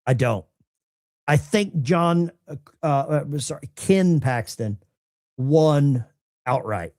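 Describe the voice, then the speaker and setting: A man hosts a political commentary stream, talking to his viewers as if they were in the room. His delivery is slow and drawn out. His pitch leaps and drops as he reacts with disbelief. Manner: animated, incredulous, talks to the chat.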